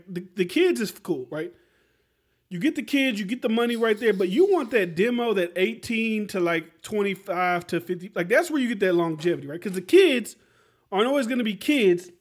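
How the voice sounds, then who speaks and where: A man hosting a podcast, giving casual commentary in a rambling, animated way, full of fillers and rhetorical questions. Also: high-pitched. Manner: rambling, animated, lots of "like" and "right?". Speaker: podcast host.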